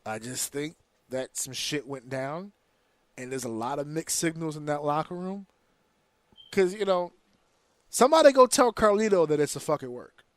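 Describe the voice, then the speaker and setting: A man's voice: on the high side, animated, normal speed, no room sound. Profane, ranting male podcast host. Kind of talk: casual podcast chat.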